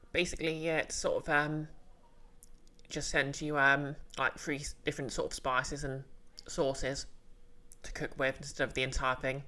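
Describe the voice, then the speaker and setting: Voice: medium pitch, bright, forceful tone. A streamer playing a game and chatting with viewers in a rambling, casual way, full of fillers and restarts. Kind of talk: casual game livestream chat.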